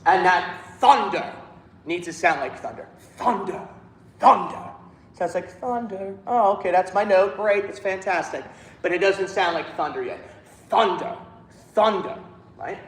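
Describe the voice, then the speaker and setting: A man's voice: sits high, brisk, reverberant, rough recording. A man leading a choir rehearsal, coaching the singers and singing phrases to show them how. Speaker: choir director.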